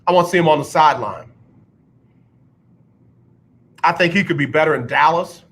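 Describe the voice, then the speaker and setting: A man's voice: a little high, quick pace, fairly bright tone. A man hosting a sports talk radio show, ranting bluntly and repeating his points for emphasis. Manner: mocks others with exaggerated announcer impressions. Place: radio studio.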